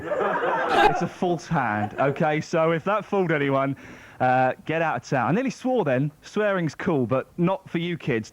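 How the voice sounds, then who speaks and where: A young British man hosting a stand-up comedy show, joking between acts and shouting the introductions. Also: fairly high pitch. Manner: jokey, excitable, shouts the introductions. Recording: noisy 1990s TV broadcast. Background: studio audience laughter.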